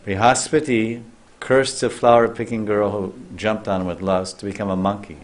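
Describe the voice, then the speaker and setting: A man's voice: lowish voice, level tone, moderate pace. A man as a spiritual teacher, telling a sacred story in a loose sermon with restarts and questions to the listeners.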